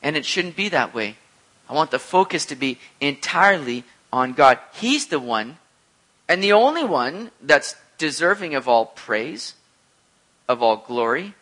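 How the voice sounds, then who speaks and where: A man preaching a sermon as a pastor, animated, with joking asides. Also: medium pitch, measured pace.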